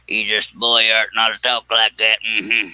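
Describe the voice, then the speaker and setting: A man hosts a casual woodworking live stream, joking and wandering off topic as he works. His voice sits low but sounds sharp and bright. The sound is close and dry, with no room around it. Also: flat delivery, a little slow, smooth, dry recording, rough recording. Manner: joking, rambling, slips into put-on voices. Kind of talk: casual live-stream chat while scroll sawing.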